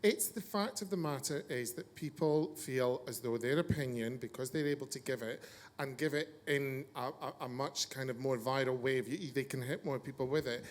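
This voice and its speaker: A man's voice: medium pitch, normal speed. A man hosting a casual chat show, ranting brashly with lots of swearing and jokes. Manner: brash, sweary, joking rants.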